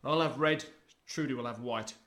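In this sitcom scene, a British-accented actor lightly plays a wealthy, overbearing man haggling over property with his brother, whom he treats with scorn. The voice is mid-range, at normal speed, with a fairly bright tone and a sneering, contemptuous edge.

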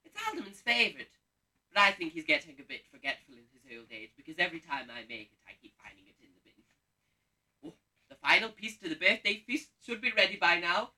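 A loud, vain comic cook, as a woman acts her out on a pantomime stage, rallying the crowd to shout back. Her voice swings widely in pitch and sounds bright and sharp. It is picked up from well away from the mic. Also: very animated, fairly quick, distant mic, exaggerated voice. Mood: brassy. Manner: loud, brassy, leads audience call-and-response.

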